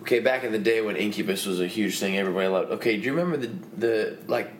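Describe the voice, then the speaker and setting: A man's voice: fairly low pitch, rapid-fire. A man co-hosts a casual chat, joking and rambling through his points. His voice carries an echoey room sound with faint noise behind. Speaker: podcast co-host.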